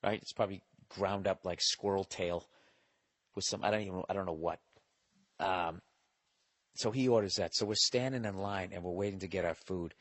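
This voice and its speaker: A man hosting a podcast, telling a road trip story in a casual comedic monologue, profane and animated. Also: low-pitched, moderate pace, no room sound. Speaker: podcast host.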